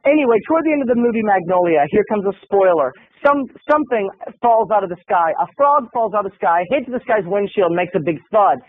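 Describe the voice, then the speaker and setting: A man, a video blogger, telling a story as an animated, theatrical monologue and acting out the other people's voices. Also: sits high, fairly quick, hardly any pauses, dry recording, narrow, tinny audio.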